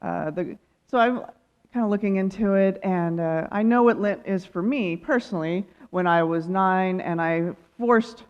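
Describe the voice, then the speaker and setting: A woman's voice: mid-range voice, normal speed, a little mellow, clean tone. Woman giving a humorous sermon in a hall. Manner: humorous, self-amused, laughs often. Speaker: guest speaker, ministerial student. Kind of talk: sermon with personal stories. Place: church sanctuary. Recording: dull sound in a long-reverb hall.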